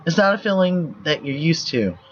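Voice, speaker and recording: A man's voice: a little high, big pitch swings, normal speed, lo-fi sound, slight background noise. A man streaming a story game, reading the narration aloud and chatting casually, laughing often. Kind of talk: casual livestream chat and read-aloud narration.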